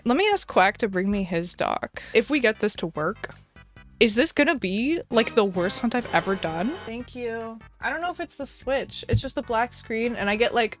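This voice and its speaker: Woman streamer, lively, melodramatic live-game commentator, soft music underneath. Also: on the high side. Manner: dramatic, excitable, talks to herself.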